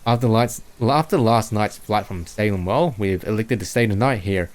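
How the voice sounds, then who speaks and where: A man's voice: on the low side, normal speed. A young man from New Zealand with a Kiwi accent tinged with Chinese, reading a visual novel aloud on stream and stumbling over words as he goes. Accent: New Zealand mixed with Chinese.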